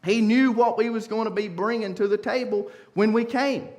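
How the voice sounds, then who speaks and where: A man preaching a sermon in a church, swinging from soft, hushed pleas up to loud, impassioned climaxes. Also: sits high, moderate pace. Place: church sanctuary.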